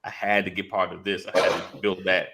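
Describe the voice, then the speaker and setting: A man's voice: low-pitched, flat delivery, fairly quick, pushed and bright, slight background noise. A man co-hosting a casual faith talk, reading listener comments and constantly affirming with "right".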